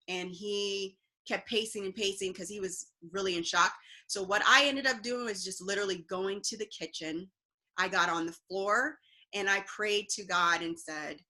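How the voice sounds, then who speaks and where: A woman's voice: mid-range voice, normal speed, sharp tone. A woman, an interview guest, earnestly recounting a personal story with fillers and restarts.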